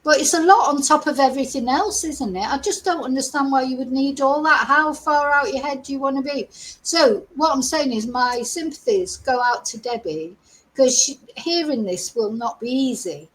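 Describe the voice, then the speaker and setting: A woman's voice: high voice, normal speed, fairly bright tone, poor audio. A middle-aged woman giving chatty, exasperated livestream commentary as a true crime host. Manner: chatty, exasperated, laughs between remarks.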